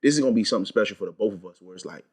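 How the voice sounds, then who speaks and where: A man's voice: fairly low pitch, animated, rapid-fire, darkish tone, slightly rough. A young man co-hosting a podcast in casual chat, telling a story emphatically and swearing freely as he vents. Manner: emphatic, profane, venting storyteller. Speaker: podcast co-host.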